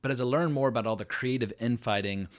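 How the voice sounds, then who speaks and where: A middle-aged man with a medium-pitched voice talks fast while hosting his own film review channel. As a critic, he delivers a blunt, emphatic verdict on a new show, peppering this opinionated video review with sarcastic asides.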